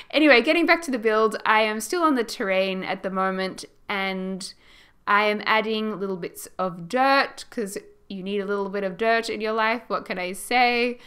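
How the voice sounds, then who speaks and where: A woman's voice: medium pitch, moderate pace, fairly bright tone, clean tone. A young Australian woman chatting casually as she narrates a house build for her channel, rambling and laughing as she goes. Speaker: gaming YouTuber.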